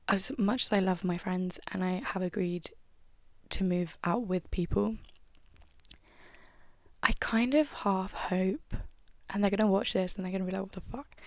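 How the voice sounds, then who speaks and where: A woman's voice: medium pitch, creaky, darkish tone, dry recording. A young woman hosting a podcast, chatting in a rambling, casual way with lots of likes and you-knows. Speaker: podcast host. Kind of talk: casual chat.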